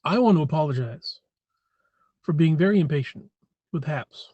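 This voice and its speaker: A man's voice: on the high side, expressive, moderate pace, mellow, no room sound, dull audio. Rambling man on a live stream. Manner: rambling, chatty, frequent throat clearing. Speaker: livestream host. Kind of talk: casual live-stream chat.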